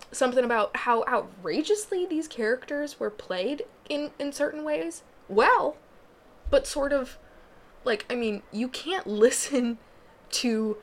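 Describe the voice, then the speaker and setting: A woman's voice: fairly high pitch, slow pace, pauses often. A young adult woman hosting a casual solo podcast from a small booth, rambling and breaking off her own sentences, laughing often. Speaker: podcast host.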